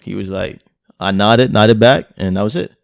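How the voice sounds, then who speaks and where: A man's voice: fairly low pitch, moderate pace, gravelly, no room sound, studio quality. Laid-back New man telling a story. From Brooklyn, New York. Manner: loose, rambling anecdote full of "like" and "right?". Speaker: podcast co-host. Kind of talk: casual storytelling chat.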